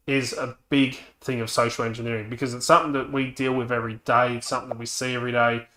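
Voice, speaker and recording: A man on a live stream, telling stories in a lively way and acting out the people he quotes. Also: mid-range voice. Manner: animated storytelling, acts out quoted voices. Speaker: co-host. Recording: echoey room.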